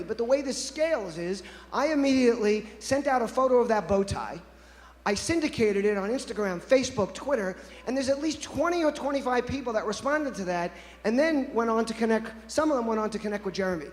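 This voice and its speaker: 50s guy on a conference stage, high voice, chatty anecdotes, big echoey hall. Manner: playful, anecdotal, addresses the audience directly. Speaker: conference presenter. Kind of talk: storytelling keynote talk.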